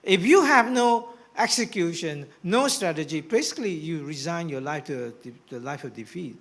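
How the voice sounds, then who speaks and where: A man preaching a sermon as pastor, swinging from hushed whispers to rousing shouts. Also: a little high, lively intonation, normal speed. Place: church hall.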